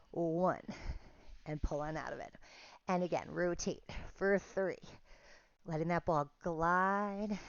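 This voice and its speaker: A woman's voice: on the low side, no echo, highs cut off. A woman teaching a pilates class online, counting reps aloud and chatting in a casual, self-deprecating way. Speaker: pilates instructor. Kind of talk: guided workout instruction.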